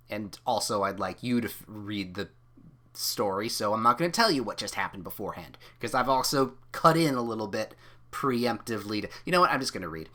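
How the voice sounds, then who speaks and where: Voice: medium pitch, sing-song, moderate pace, pushed and bright. A streamer reading an interactive novel aloud in a casual, self-mocking way, with offhand swearing and chatty asides.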